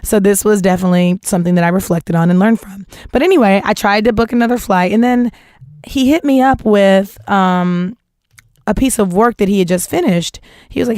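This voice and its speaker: A woman hosting a podcast, telling a dating story in a casual, animated way and calling her listeners y'all. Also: mid-range voice, moderate pace, no room sound, studio quality. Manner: animated, laughs often, addresses listeners as y'all. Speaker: podcast host.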